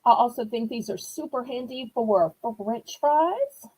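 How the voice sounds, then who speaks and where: A woman's voice: a little high, animated, measured pace, a little mellow, slightly rough, low-quality recording. Chatty Southern woman auction host. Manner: chatty, upbeat, playfully sings prices. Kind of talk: live home shopping sale.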